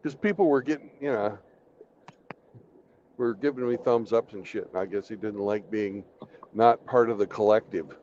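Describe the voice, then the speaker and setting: A man's voice: lowish voice, normal speed, long pauses, darkish tone. A man in a casual podcast chat, talking bluntly and swearing often. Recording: dull lo-fi sound with faint noise.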